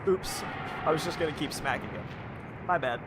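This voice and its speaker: A man's voice: fairly high pitch, normal speed, very noisy. A man giving joking, chatty commentary while playing a video game. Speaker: let's play gamer. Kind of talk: casual gameplay commentary.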